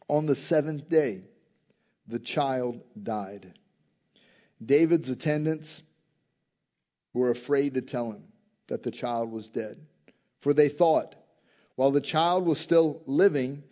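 A man preaching a sermon, moving between quiet reflective passages and loud, emphatic rises, often asking his listeners direct questions. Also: medium pitch, a little slow, long pauses, highs cut off.

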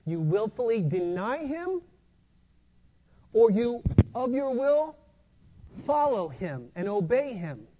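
A preacher giving a sermon in an animated way, often repeating words as they go. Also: mid-range voice, slow, long pauses. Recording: dull lo-fi recording.

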